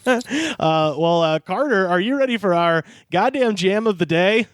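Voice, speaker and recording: A man's voice: high voice, animated, measured pace, dry recording, clean studio sound. A man co-hosting a podcast in casual chat, laughing often and swearing as he recounts news stories. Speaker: podcast co-host.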